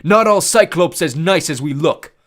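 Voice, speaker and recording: A man voicing a big, simple-hearted young male cyclops who talks slowly in childlike broken grammar. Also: fairly high pitch, animated, a bit bright, pitched above the performer's own voice. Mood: stern.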